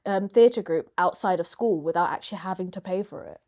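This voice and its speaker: A woman's voice: fairly low pitch, a little fast, a little mellow. A young British woman co-hosting a casual chat about film and celebrity news, talking in a chatty, reflective way and stretching some words out. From United Kingdom. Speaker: co-host.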